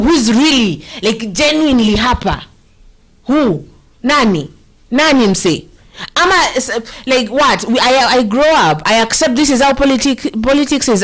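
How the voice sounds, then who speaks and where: A woman with a Kenyan accent hosting a show, giving earnest, rambling political commentary and slipping Swahili slang into her English. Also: a little high.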